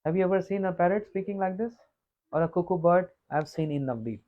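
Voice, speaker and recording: A man telling a devotional story as a monk, unhurried and repetitive, often clearing his throat. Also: high voice, dull audio. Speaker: monk giving a scripture talk. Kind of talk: sermon storytelling.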